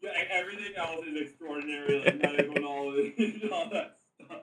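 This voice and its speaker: A man's voice: on the high side, brisk, distant mic, background noise. A man chatting casually with friends as a player planning his character, laughing and rambling. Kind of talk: casual chat among friends. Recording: roomy sound from off the mic.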